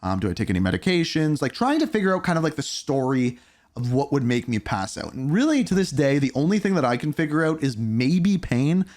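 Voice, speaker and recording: A man in his thirties telling a candid storytime vlog, animated and blunt, with casual swearing. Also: fairly high pitch, brisk. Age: 30s. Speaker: YouTuber.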